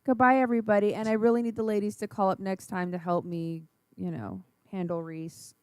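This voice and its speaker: A woman's voice: mid-range voice, little pitch movement, a little fast, a little mellow, smooth, dry recording. Woman, radio co-host, earnest explaining manner, dry close sound. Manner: earnest, explaining, uses "right?" often. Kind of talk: casual talk radio conversation.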